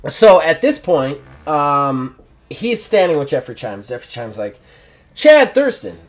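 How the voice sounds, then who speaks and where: A man hosts a live-play stream and narrates a solo wrestling game in a loose, rambling way. His pitch moves a lot, and he fills pauses with plenty of "uh"s. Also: big pitch swings. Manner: rambling, casual, many fillers.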